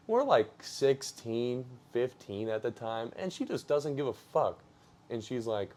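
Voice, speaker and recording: A young man with a fairly low voice tells a story in a casual, slangy way. He drifts along with fillers and easy laughs. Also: normal speed, a little mellow. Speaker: streamer telling a story.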